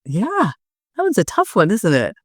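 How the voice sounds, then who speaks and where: A middle-aged woman coaching public speaking, lively and often laughing as she demonstrates. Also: medium pitch, normal speed, dry recording, studio quality. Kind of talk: instructive interview talk.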